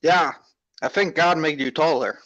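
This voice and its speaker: A man's voice: fairly high pitch, moderate pace, a bit bright, lo-fi sound. A man hosting his own stream in casual chat. He is laid-back and joking and tends to drawl. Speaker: streamer host.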